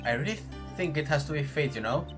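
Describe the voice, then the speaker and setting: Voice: mid-range voice, quick pace, over music, close to an everyday voice. A streamer voicing an earnest, flustered young male defense attorney, eager and a bit awkward, in a game reading. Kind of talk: let's play character reading.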